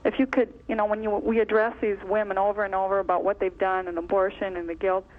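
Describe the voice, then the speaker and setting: A woman's voice: mid-range voice, flat delivery, fast. Gushing woman caller on a dull line. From Minnesota. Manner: gushing, rambling, earnest. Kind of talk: phone call to a talk show.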